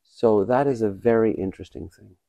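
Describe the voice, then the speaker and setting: A man in his fifties, a pianist and playwright, giving thoughtful, measured answers in an interview with many pauses. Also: on the low side, mellow, dry recording, dull audio. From Canada. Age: 50s. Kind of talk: conversational interview.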